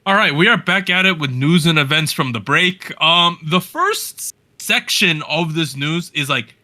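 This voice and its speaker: A man's voice: fairly high pitch, lively intonation, unhurried, bright, forceful tone, faint music behind. A man with a New Jersey accent co-hosting a podcast in casual chat, joking and self-deprecating as he runs through the news. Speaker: podcast co-host.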